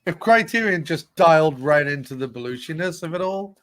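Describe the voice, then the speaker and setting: Middle-aged man, dry-witted co-host, slightly high voice. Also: expressive, fairly quick, a bit bright. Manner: dry wisecracks. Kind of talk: movie commentary chat.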